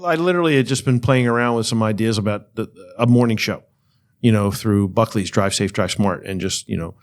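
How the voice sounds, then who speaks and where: A man who owns an auto shop, talking in a relaxed, hesitant way with many restarts on a casual podcast. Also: on the low side, a little fast. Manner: laid-back, hesitant, trails off. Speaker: guest shop owner.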